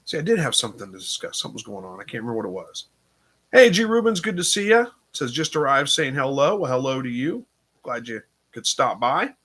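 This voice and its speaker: A man's voice: medium pitch, very animated, brisk, fairly bright tone, breathy edge. A tired man hosting a casual livestream, reading viewer comments and rambling through his answers with plenty of fillers. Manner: rambling, unsure, thinking aloud with fillers. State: tired, yawning. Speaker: livestream host.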